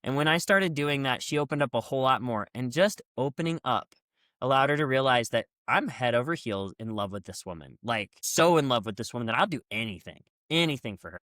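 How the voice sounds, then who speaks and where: A man speaking as a guest coach on a podcast, telling stories in a lively way and acting out quoted lines with a raised voice. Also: medium pitch, fairly quick, dry recording, clean studio sound. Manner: lively storyteller who acts out quotes with raised voice. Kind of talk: conversational podcast storytelling.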